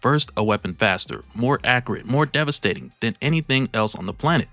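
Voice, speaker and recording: A man's voice: medium pitch, lively intonation, brisk, bright, forceful tone, no room sound, faint music behind. A man reading the lines of an imperious armored villain monarch in a grand, formal, commanding way. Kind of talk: read-aloud comic narration.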